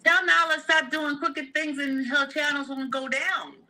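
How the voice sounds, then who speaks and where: Brash high-voiced woman. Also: fairly even intonation, a little slow, bright, forceful tone, poor audio. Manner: brash and dismissive. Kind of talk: casual chat.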